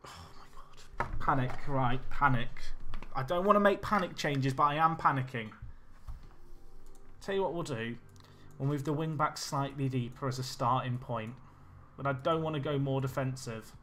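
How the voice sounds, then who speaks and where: A man streaming a football management game, chatting nervously and swinging between low mutters and panicked yelling. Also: moderate pace, slight background noise. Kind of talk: live game commentary.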